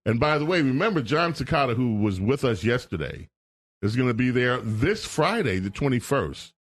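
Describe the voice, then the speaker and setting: A man's voice: mid-range voice, big pitch swings, normal speed, dry recording. A man hosting a call-in radio talk show, with playful, upbeat announcer patter, on a studio microphone.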